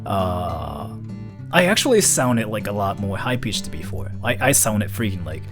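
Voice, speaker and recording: A man's voice: lowish voice, very animated, unhurried, music in the background. A man in his twenties talking casually to camera, rambling and mocking himself. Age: 20s. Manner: rambling, joking, self-mocking. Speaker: vlogger.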